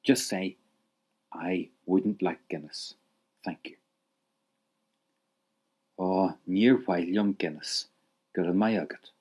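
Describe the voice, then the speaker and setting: A man's voice: low voice, slow pace, pauses often, darkish tone, slightly rough. A man leading a spoken language lesson, patiently prompting the listener to repeat phrases and praising each answer. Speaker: language teacher.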